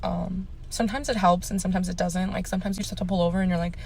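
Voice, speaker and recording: Young woman vlogging, lots of ums and likes, bit of vocal fry, faint hiss behind. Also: on the low side, little pitch movement, rapid-fire, few pauses, darkish tone. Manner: rambling, many "um"s and "like"s. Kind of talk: casual vlog talk to camera.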